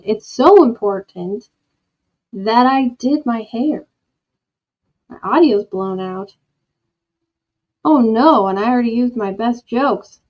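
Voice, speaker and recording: A woman hosting a casual livestream from her home, rambling in a self-deprecating way and laughing at herself. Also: fairly high pitch. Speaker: livestream host. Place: home room with candles. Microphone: old desk microphone. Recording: dull lo-fi audio from an old microphone.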